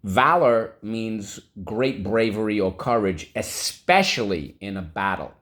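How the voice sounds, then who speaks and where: Low-voiced guy teaching kids words, slow and drawn out, breaks em into syllables. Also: expressive, fairly bright tone. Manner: drawn-out, syllable-by-syllable word drills. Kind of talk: vocabulary lesson for children. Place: classroom.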